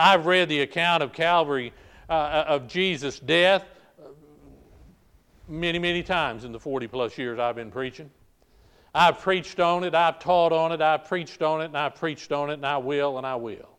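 A man's voice: a little high, fairly bright tone, clean tone. An older man, a pastor preaching a sermon, calling out "folk, listen" and restarting phrases as he presses his points.

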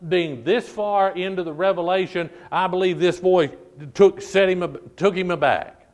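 A man preaching a sermon to a congregation, emphatic and repetitive, stretching out key words for stress. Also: sits high. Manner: addresses congregation as "folk". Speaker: pastor. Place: church service.

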